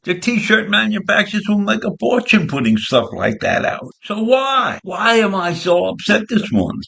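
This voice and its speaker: An older man talks straight to his listeners in a one-man rant, firing off indignant rhetorical questions. His voice sits high and gravelly, with a rough fry under it. His pitch rises and falls widely as his outrage builds. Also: pushed and bright. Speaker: commentator. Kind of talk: political rant monologue.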